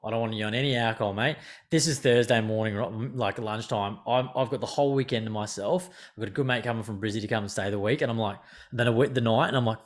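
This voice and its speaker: Hombre australiano, charla rápida y malhablada. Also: male voice, mid-range voice, quick pace. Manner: swearing, animated storytelling. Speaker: podcast host. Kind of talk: casual chat.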